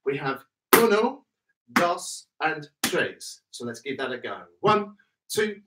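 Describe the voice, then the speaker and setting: Man, British accent, body percussion teacher, upbeat, bright, slightly high, distant mic, faint hiss. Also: big pitch swings, takes it slowly. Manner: upbeat, counts in and chants rhythms. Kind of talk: online music workshop.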